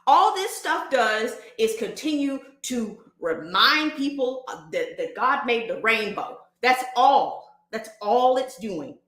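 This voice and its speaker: High-voiced woman ranting, roomy echo. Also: big pitch swings, slow pace, few pauses, fairly bright tone. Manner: emphatic, fires rhetorical questions. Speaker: livestream host. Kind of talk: casual livestream rant.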